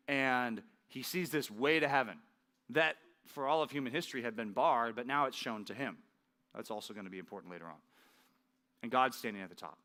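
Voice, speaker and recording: A man's voice: mid-range voice, pushed and bright. A man preaching a sermon in a conversational way, often asking "right?" and acting out the scripture quotes. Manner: acts out scripture quotes with rising emphasis. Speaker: pastor.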